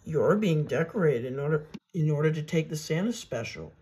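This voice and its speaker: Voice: medium pitch, expressive, normal speed, darkish tone, slightly rough. A narrator voicing a kindly male engine who explains things matter-of-factly. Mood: explaining.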